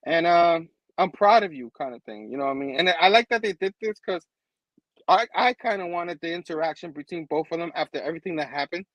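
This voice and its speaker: A man's voice: a little high, animated, brisk, a bit bright, no echo, highs cut off. A man hosting a comic book review show, casually recapping an issue in a rambling way, chuckling often and using lots of fillers.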